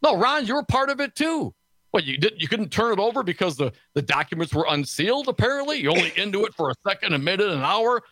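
A man co-hosting a political talk radio show in a studio, sarcastic and snarky, talking fast with lots of restarts. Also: sits high, big pitch swings, bright, forceful tone, no room sound.

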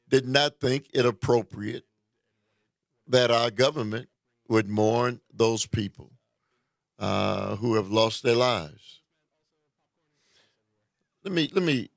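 A man giving an indignant political opinion monologue, deliberate and repeating himself as he restarts. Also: mid-range voice, gravelly, no room sound, studio quality. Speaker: political commentator. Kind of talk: reading a news report aloud.

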